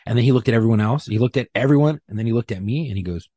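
A man, a police officer, telling a story in casual podcast talk, profane and animated, acting out what people said. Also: medium pitch, rapid-fire, husky, no echo, clean studio sound. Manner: profane, animated, acts out quotes.

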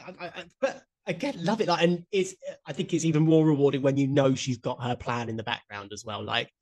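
A young man co-hosting a casual podcast chat, enthusiastic and quick to laugh, often checking "do you know what I mean". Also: medium pitch, darkish tone. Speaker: podcast co-host.

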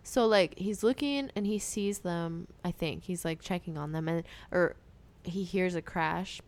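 A young woman in casual conversation, recapping a movie in a relaxed way and chiming in with short agreements. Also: lowish voice, unhurried.

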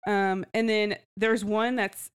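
A woman co-hosting a casual book club podcast, chatty and quick to laugh. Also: medium pitch, flat delivery, clean tone. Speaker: podcast co-host.

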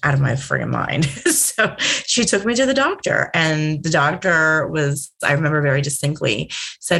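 A woman's voice: low voice, moderate pace, creaky, a bit bright. A woman from South Florida, a podcast guest telling stories about her childhood in a chatty, candid way. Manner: chatty, candid, laughs easily. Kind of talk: casual interview storytelling.

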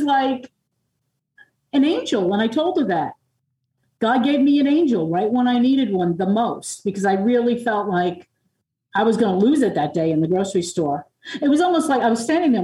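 A middle-aged woman from Long Island with a mellow, warm voice, recorded in an echoey room. She sits a little away from the microphone. She tells personal stories candidly and rambles, with plenty of fillers and restarts. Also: on the high side. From Long Island, New York. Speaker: podcast guest, music producer and author. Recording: roomy and distant from the mic.

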